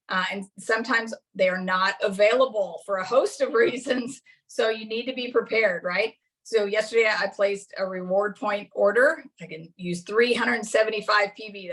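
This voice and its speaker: This class presenter is a middle-aged woman with a mid-range, slightly bright voice. Her talk is casual and chatty, built around anecdotes from her own life, and she laughs often as she tells them.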